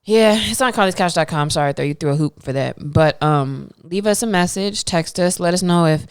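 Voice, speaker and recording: A woman's voice: fairly low pitch, fairly quick, clean tone, dry recording, studio quality. A woman co-hosting a podcast in casual chat, laid-back and slangy, rambling along with fillers. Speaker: podcast co-host.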